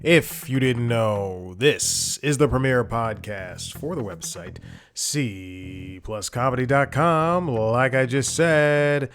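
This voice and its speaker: A man's voice: medium pitch, slow, smooth, soft background music. Rambling male podcast host. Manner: rambling, self-correcting, chuckling asides. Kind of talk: casual podcast intro.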